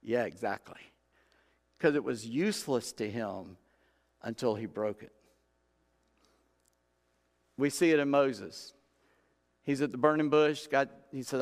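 A man's voice: medium pitch, measured pace, long pauses. A man preaching a sermon in a church, telling stories in a folksy way and acting out the voices in his quotes. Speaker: pastor. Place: church sanctuary. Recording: long hall reverb.

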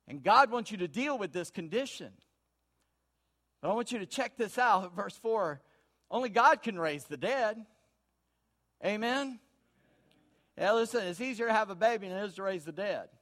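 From the pulpit, a high-voiced pastor delivers a brisk, expressive sermon full of folksy, homespun stories. His delivery shifts between quiet asides and loud, emphatic declarations.

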